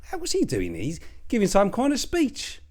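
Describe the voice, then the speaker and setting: A middle-aged Australian bloke, as a man puts him on rambles through crude, gossipy banter in a comic monologue. His Australian accent swoops up and down with lively pitch, sitting a little high for a man, full of swearing and mocking asides. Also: normal speed. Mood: rambling. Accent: Australian (put on). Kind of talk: comedic character monologue.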